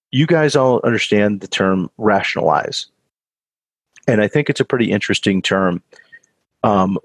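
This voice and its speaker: A man's voice: fairly low pitch, vocal fry, slightly rough, dry recording, low-quality recording. A man giving an earnest motivational talk to an audience he calls guys, repeating phrases for emphasis. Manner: earnest, repetitive, addresses listeners as guys.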